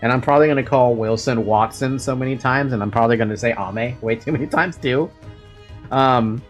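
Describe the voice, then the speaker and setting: A streamer giving casual let's-play commentary, with giggly, animated asides. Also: mid-range voice, brisk, faint music behind.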